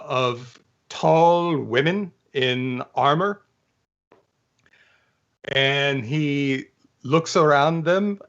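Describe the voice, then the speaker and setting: Very slow, hesitant man player. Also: a little high, fairly bright tone, lo-fi sound. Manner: hesitant, many pauses and fillers. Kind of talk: describing his character's actions in a tabletop game.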